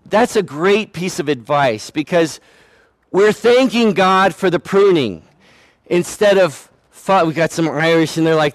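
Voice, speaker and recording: A man's voice: fairly high pitch, lively intonation, measured pace, dry recording. A man giving a conversational sermon as a pastor, joking at his own expense and acting out the voices he quotes. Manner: conversational, self-deprecating, acts out quoted voices.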